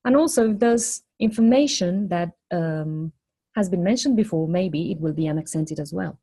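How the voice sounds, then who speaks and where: A woman lecturing on phonology, explaining step by step in a measured way and posing questions to the class. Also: fairly low pitch, expressive, mellow, breathy edge.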